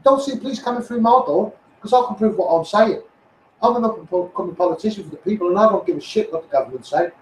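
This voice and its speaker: A man's voice: sits high, fast talker, a little hiss or hum. A middle-aged man with a Liverpool accent, delivering a blunt, sweary, heated political rant as a street campaigner. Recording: roomy echoey sound.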